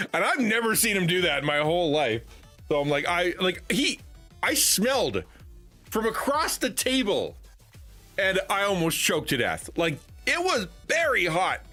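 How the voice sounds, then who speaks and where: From his home setup, a middle-aged man chats casually on a live stream, rambling and restarting often. His voice sits a little high, with a bright, forceful tone.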